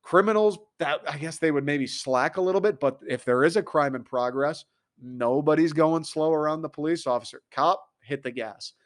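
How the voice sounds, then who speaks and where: A young adult man delivering an exasperated, incredulous comedic rant, riffing and acting out quotes. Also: on the high side.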